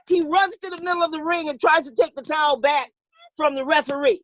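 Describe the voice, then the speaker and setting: A woman boxing coach telling a story in an interview, animated, acting out the voices of the people in it and laughing often. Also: sits high, brisk, no room sound.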